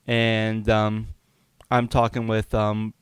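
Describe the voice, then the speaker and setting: Smooth-voiced man telling a candid story. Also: lowish voice, completely flat delivery, slow pace, dry recording. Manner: confessional, conversational, many fillers. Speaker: podcast host.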